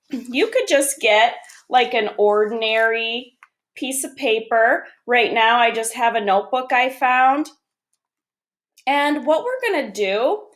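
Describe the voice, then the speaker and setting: A woman teaching young children, reading a picture book aloud and explaining step by step in a gentle, encouraging way. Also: fairly high pitch. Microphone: camera or phone on a desk.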